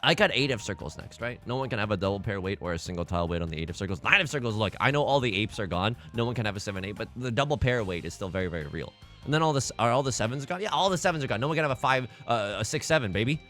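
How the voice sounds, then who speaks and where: A man's voice: lowish voice, lively intonation, racing, fairly bright tone, soft background music. A young man commentating his own game in a sarcastic, self-mocking way, with sudden theatrical outbursts. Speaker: let's play host.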